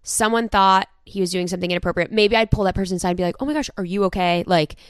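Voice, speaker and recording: A woman's voice: medium pitch, rapid-fire, clear, resonant tone, no echo. Young woman co-host, dry close mic. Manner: animated, argumentative, acts out quoted voices. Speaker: podcast co-host. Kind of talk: casual chat.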